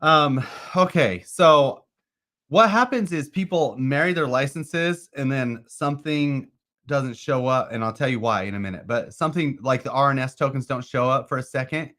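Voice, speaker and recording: A man's voice: medium pitch, normal speed, fairly bright tone. A man co-hosting an investing show, explaining a crypto process in a loose, rambling way full of fillers. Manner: rambling, uses lots of "like" and "uh". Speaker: co-host. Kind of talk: casual chat about crypto investing.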